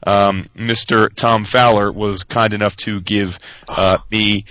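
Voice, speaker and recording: Low-voiced man chatting with many fillers. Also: level tone, bright, forceful tone, no room sound. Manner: rambling, many fillers and pauses. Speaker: podcast co-host. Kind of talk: casual chat.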